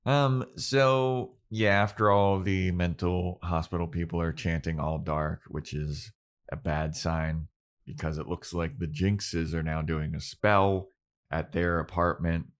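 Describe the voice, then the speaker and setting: A man co-hosting a casual podcast, recapping a TV episode in a laid-back way. His voice sits low and deep. Now and then he jumps into a quick impression of the characters. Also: fairly even intonation. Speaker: podcast co-host.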